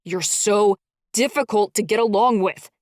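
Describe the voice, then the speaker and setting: A woman playing a raging young man, loud and growling, with a clean, dry close-mic sound. Give me that constant ranting heat. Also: medium pitch, a little slow, no echo, natural voice. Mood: angry. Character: hot-tempered young man, angry and growling.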